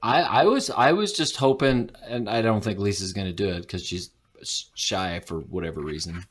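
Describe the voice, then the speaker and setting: A man hosting a podcast who chats casually in a halting way, restarting his sentences. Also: fairly low pitch, husky. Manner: halting, stammering delivery. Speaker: podcast host.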